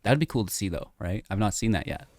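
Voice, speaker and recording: A man's voice: fairly low pitch, animated, fast, a little mellow, dry recording. A man giving upbeat, chatty commentary on a card game deck and his matches, thinking aloud as he plays. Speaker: gaming content creator.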